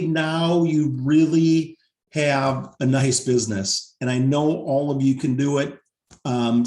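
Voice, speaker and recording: Brief: man, team leader pitching on a video call, upbeat and salesy, voice wearing thin, a bit high, echoey room. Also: a little mellow. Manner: upbeat, salesy, repeats numbers for emphasis. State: losing his voice. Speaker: team leader presenting a pay plan.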